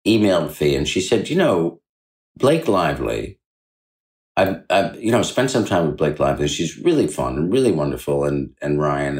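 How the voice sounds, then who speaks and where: A middle-aged man, a guest on an interview, telling a story in a chatty way and acting out the quoted voices. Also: rough recording. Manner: animated anecdote-telling, acting out quoted dialogue with big jumps in pitch. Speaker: author and guest.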